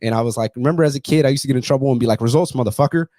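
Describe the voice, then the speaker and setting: A man's voice: mid-range voice, very fast, dark tone, dry recording. A man in his thirties talking bluntly and profanely about his family in a casual conversation.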